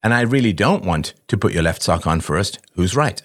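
Man, lowish voice, call-in host, conversational advice, rhetorical questions, acted-out dialogue. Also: expressive, moderate pace. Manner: acts out parent-child dialogue. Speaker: host answering a caller. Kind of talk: live call-in advice talk.

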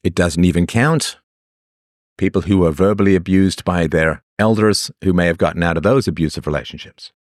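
A man's voice: deep voice, brisk, no echo, clean studio sound. A man hosting a livestream, delivering an opinionated monologue to his chat in a sarcastic, mocking way. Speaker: livestream host.

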